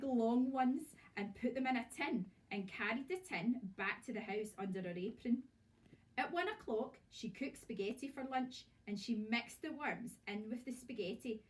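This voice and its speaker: A Scottish woman teacher reads a children's story aloud with lively expression. Her voice sits fairly high, and she sounds some way off from the microphone in a classroom. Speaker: primary school teacher. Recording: voice from far off.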